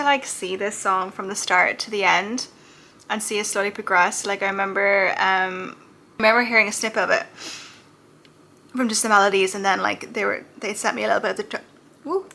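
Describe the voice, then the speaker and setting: A woman's voice: mid-range voice, vocal fry, pushed and bright. A woman hosting a reaction video, talking casually and emotionally with lots of "like" fillers. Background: faint music video playing.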